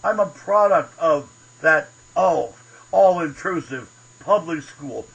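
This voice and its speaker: A man's voice: on the high side, animated, slow pace, vocal fry, fairly bright tone, slightly rough, poor audio. A man from Pennsylvania hosting his own show, ranting indignantly in profane, combative political commentary. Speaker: host.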